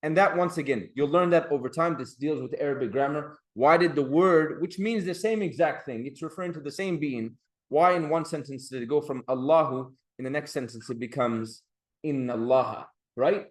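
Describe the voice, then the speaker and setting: A man's voice: a little high, brisk. A man teaching an Arabic grammar class, patiently explaining and drawing out the endings of Arabic words. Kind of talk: classroom lecture.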